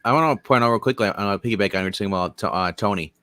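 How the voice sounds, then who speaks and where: A man's voice: fairly low pitch, a bit bright, no echo. A man co-hosting a movie show, jumping in eagerly with enthusiastic points about a film. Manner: eager, enthusiastic, quick to jump in. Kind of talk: casual film discussion.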